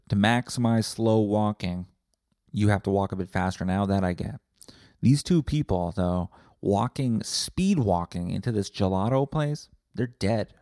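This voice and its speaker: Male podcast host, sarcastic profane rambler, low voice, dry close sound. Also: vocal fry, darkish tone, no room sound. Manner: rambling, sarcastic, swears a lot. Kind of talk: comedic profane rant.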